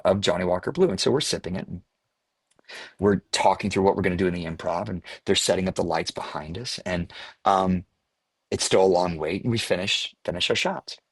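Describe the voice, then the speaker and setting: Husky-voiced man telling a lively anecdote. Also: low-pitched, normal speed, no room sound. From US Midwest. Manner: animated storyteller who laughs at his own tale. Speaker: actor guest. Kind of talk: casual anecdotal storytelling.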